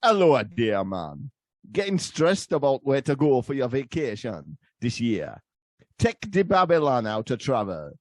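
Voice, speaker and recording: Man putting on a radio ad announcer, drawling, sing-song, slow, lively pitch, dry sound. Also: no room sound. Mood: mock salesy. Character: slow-talking male radio ad announcer with a Jamaican patois voice.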